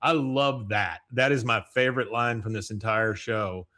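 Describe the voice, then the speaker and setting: A man's voice: fairly low pitch, steady tone, moderate pace, sharp tone. A man hosting a podcast, recapping scenes in casual chat and laughing often. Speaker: podcast host.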